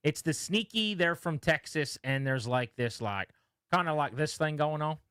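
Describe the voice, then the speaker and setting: A man's slightly high, clean-toned voice comes through a dry recording at normal speed. Hosting a sports radio show, he spins animated tales about players and quotes them in casual sports talk.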